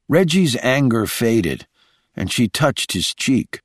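A man narrating a novel in a measured, even way, switching voices for the characters. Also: mid-range voice, husky, dry recording. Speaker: audiobook narrator. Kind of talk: scripted narration. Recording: dry close mic with faint music.

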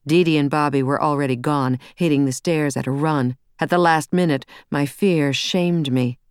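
Low, smooth woman narrating a novel. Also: fairly even intonation, normal speed, no echo, studio quality. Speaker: audiobook narrator. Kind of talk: first-person novel narration.

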